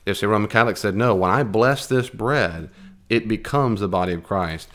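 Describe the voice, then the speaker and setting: Animated, low-voiced man teaching a Bible class. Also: normal speed. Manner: conversational, animated, with frequent fillers and restarts.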